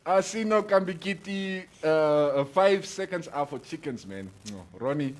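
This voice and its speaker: A man's voice: high voice, animated, moderate pace. Teasing Namibian man on morning radio. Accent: Namibian English. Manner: teasing, jokey, mixes in Afrikaans. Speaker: radio show co-host. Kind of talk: casual radio banter.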